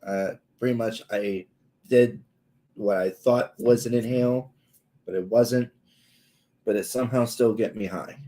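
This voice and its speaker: A man in his twenties telling a story on a casual livestream, halting and full of pauses and filler words. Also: on the low side, steady tone, warm tone, low-quality recording. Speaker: streamer.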